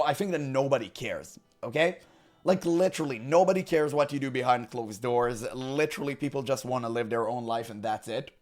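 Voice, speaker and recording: A man hosting gaming commentary, hoarse from illness with frequent voice cracks, ranting in an emphatic, exasperated way. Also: mid-range voice.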